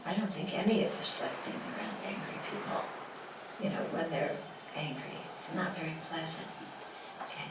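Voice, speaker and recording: A woman's voice: sits low, normal speed. A woman Buddhist teacher giving a dharma talk in a lecture room, asking the audience rhetorical questions and acting out quotes playfully. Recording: echoey room from a distance with noise.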